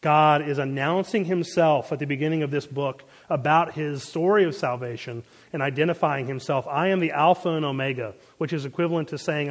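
A man's voice: fairly high pitch, fairly quick, hardly any pauses, in a large hall. A man teaching a casual Bible class, chatty, with fillers and asides, answering questions from the room. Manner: conversational, with many fillers and pop-culture asides.

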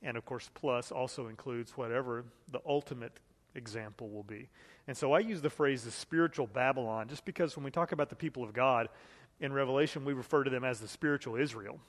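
Man, Bible study teacher, conversational, reads scripture aloud, middle pitch, long reverb. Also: fairly quick.

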